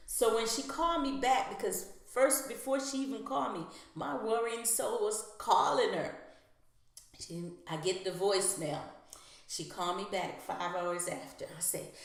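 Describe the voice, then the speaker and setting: A woman who is a nurse, telling a personal story with animated, emphatic delivery. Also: medium pitch. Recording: very echoey room.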